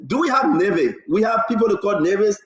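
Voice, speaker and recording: A man's voice: high-pitched, animated, quick pace, a bit bright, roomy sound, muffled recording. A man with a Liberian English accent, co-hosting a casual talk show, emphatic and laughing, firing off rhetorical questions. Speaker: co-host.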